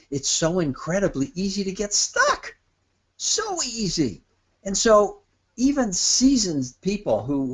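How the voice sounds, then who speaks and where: Animated man presenting a webinar. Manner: animated, acts out quoted trade-show exchanges in a higher voice. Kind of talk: lively instructional talk. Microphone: webinar microphone.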